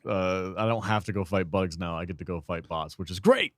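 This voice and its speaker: A man's voice: sits low, a little fast, dry recording, clean studio sound. Laughing, joking podcast host man. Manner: playful, laughs often, joking. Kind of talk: casual gaming podcast chat.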